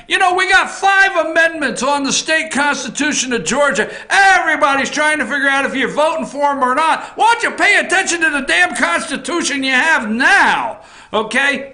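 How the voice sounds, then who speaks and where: A man hosting a political opinion show from an office, ranting bluntly with swearing, repetition and frequent shouting. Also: very high voice, echoey room. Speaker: talk show host.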